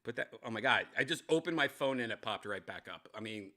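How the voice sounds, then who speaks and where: A man's voice: medium pitch, expressive, fast, pushed and bright. A man hosting his own show in a casual, rambling livestream chat, full of profanity and self-mocking riffs. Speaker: host. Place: home studio.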